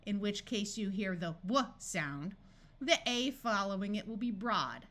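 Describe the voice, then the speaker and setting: A woman teaching a phonics lesson, reading words slowly and clearly one by one. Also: medium pitch, expressive, a bit bright. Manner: slow, clearly enunciated word-by-word reading. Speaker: phonics tutor. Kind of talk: scripted phonics lesson narration.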